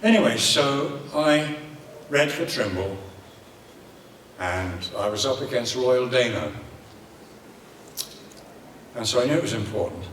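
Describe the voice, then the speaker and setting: A man's voice: medium pitch, expressive, unhurried, pauses often, a bit bright, reverberant, distant mic, slight background noise. An older man with an Irish accent, telling rambling, theatrical anecdotes as a guest on a convention panel. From Ireland. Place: large convention hall.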